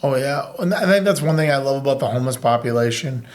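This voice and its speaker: A man hosts a casual interview in an easygoing way. He agrees often and comes back to his thoughts with halting restarts. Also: mid-range voice, lively intonation. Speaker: podcast host.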